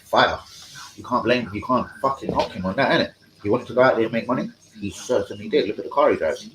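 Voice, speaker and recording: A man's voice: medium pitch, expressive, a little fast, fairly bright tone, slight background noise, low-quality recording. A man hosts a live-stream football chat, talking in a casual, rambling way with slang and heavy swearing. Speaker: fan channel host.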